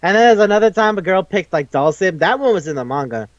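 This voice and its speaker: A man co-hosting a podcast in casual chat, rambling and swearing as he tells animated stories. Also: high-pitched, fast, no room sound. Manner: rambling, profane, animated storytelling. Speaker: podcast co-host. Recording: dull lo-fi recording.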